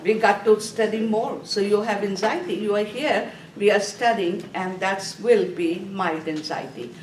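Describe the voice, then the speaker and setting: A woman's voice: medium pitch, normal speed. A woman instructor giving a classroom review lecture, asking questions, answering them herself and telling students to underline key words. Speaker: nursing exam review instructor. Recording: echoey room, voice from a distance, faint noise.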